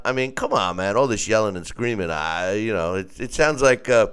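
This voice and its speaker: A man's voice: fairly low pitch, animated, a little fast, hardly any pauses, shouting, a little hiss or hum. A man hosting a boxing talk show, rambling through listener emails with many fillers and restarts. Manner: rambling, full of fillers and restarts, laughs often. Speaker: radio show host.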